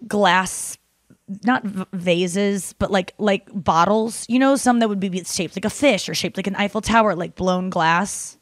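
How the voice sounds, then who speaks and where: A woman's voice: mid-range voice, unhurried, no room sound. A woman hosting a casual chat podcast from a hotel room, rambling with lots of fillers and casual swearing. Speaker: podcast host.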